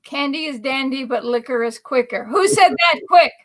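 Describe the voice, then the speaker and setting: A woman's voice: high-pitched, expressive, normal speed. A woman chatting casually on a livestream, laughing often as she talks. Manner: giggly, breaks into laughter, quotes film lines. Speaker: livestream guest. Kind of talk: casual chat.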